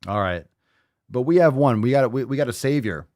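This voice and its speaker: A man's voice: mid-range voice, expressive, a little fast, background noise. A man hosting a podcast, ranting in blunt, mocking, profane commentary. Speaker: podcast host.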